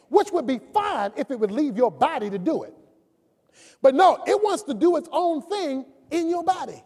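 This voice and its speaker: Pastor, male, emphatic sermon delivery, swooping pitch, leaning hard on key words. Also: very animated, moderate pace. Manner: emphatic preaching, rising to shouts on key words. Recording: long reverb of a large hall.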